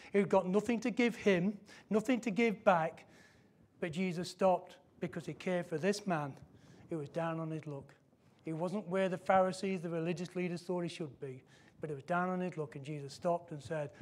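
A man preaching a sermon in church, emphatic, repeating key phrases and slowing down for emphasis. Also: high-pitched.

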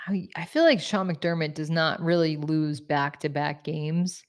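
In a low, unhurried voice, a woman co-hosts a sports talk show. She chats casually with a touch of self-deprecation while reading out viewer questions.

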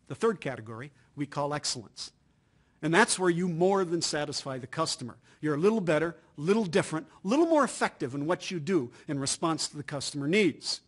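Middle-aged American man, corporate trainer, emphatic storyteller, fairly high voice. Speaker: business trainer. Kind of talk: business training talk.

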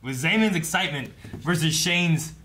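A man's voice: fairly high pitch, animated, a little slow, sharp tone. A man co-hosting a casual chat, joking and giggling as he talks. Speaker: co-host. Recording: noisy room recording.

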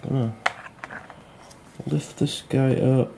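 A man walking through a model glider build at home at night, thinking aloud in a relaxed, self-deprecating way. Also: medium pitch, slow, creaky, background noise. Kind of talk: hands-on build tutorial.

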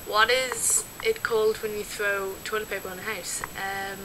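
A woman's voice: medium pitch, flat delivery, moderate pace. Giggly young Dublin woman, noisy recording. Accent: Dublin Irish. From Dublin, Ireland. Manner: chatty, giggly, scattered with fillers. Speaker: vlogger. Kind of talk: casual word-list accent challenge.

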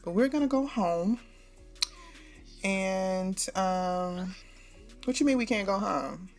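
A woman's voice: mid-range voice, animated, slow, a little mellow, faint music behind. A young adult woman hosting a gaming channel, chatting straight to her viewers as she plays. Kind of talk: casual gameplay commentary.

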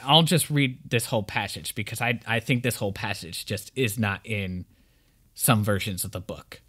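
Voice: mid-range voice, normal speed, fairly bright tone, husky. A podcast co-host discussing a book thoughtfully, sometimes repeating words while thinking.

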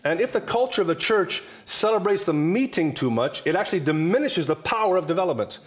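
A man in his fifties speaks as a guest minister, with the repetitive, emphatic cadence of a preacher even in conversation. His pitch swings widely from phrase to phrase, and he hammers his points home with repeated lines. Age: 50s. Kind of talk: preaching-style table talk.

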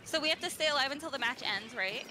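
A woman playing as a guest on a game stream, excitable and exclamatory, swearing casually. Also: sits high, fast, a little hiss or hum. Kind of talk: casual chat while gaming.

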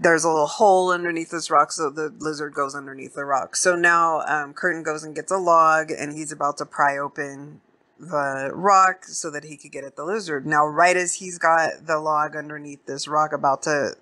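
A woman hosting a podcast, recapping a film scene in a slangy, profane, animated way. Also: deep voice, normal speed. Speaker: podcast host. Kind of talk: casual movie recap.

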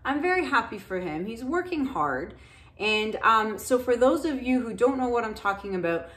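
A woman's voice: fairly high pitch, very animated, normal speed, a bit bright. A middle-aged woman hosting her painting channel, chatting casually and gratefully to viewers with plenty of fillers. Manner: chatty, thankful, loose with fillers. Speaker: acrylic pour painting channel host.

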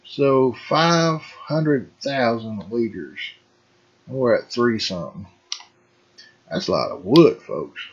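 A man's voice: mid-range voice, lively intonation, slow, slightly rough, dull audio. A middle-aged man hosting a gaming channel, talking in a rambling, folksy way and calling his viewers folks. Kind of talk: casual farming game commentary.

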